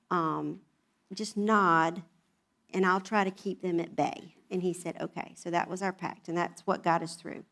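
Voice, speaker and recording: A woman's voice: medium pitch, fairly bright tone. A middle-aged woman from the American South with a Southern accent, speaking at a church women's event and telling funny family stories in a chatty, humorous way. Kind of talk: storytelling talk to an audience.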